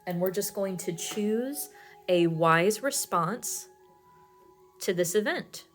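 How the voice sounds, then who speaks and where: A woman's voice: medium pitch, expressive, slow pace, faint music behind. A woman giving a pick-a-card tarot reading, talking in a soothing, reassuring way with many fillers.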